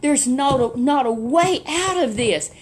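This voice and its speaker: A woman's voice: sits high, animated, measured pace, a little hiss or hum, pitched above the performer's own voice. A woman voicing a terrified male servant who is sure they are doomed, with frantic, breathless cries.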